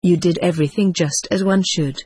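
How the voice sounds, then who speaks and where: Reader doing a kind lama, quiet pleased murmur, breathy. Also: medium pitch, fairly even intonation, moderate pace, dry recording.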